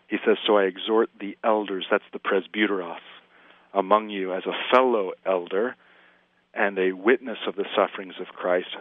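A man talking earnestly through scripture in conversation, slowing down when he quotes it. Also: sits low, dry recording. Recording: dry tinny phone-like audio.

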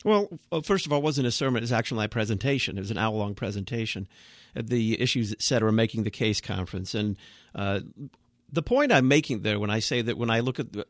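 A man's voice: mid-range voice, a bit bright, dry recording, clean studio sound. A man, a Lutheran pastor, speaking as a guest on a radio talk show, earnest and emphatic with a blunt manner.

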